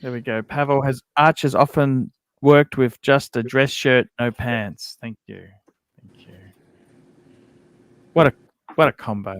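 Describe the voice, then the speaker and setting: A man hosting a livestream from home, talking in a relaxed, clipped way. His voice is smooth and clear, and the sound is dry with no room echo. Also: medium pitch, measured pace, pauses often. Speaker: livestream host. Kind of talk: casual livestream chat. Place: at home on a video call.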